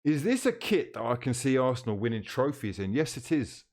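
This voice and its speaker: A man's voice: mid-range voice, sing-song, fairly quick, darkish tone. A man hosting a live football watchalong stream, reading out chat comments, teasing viewers and laughing often.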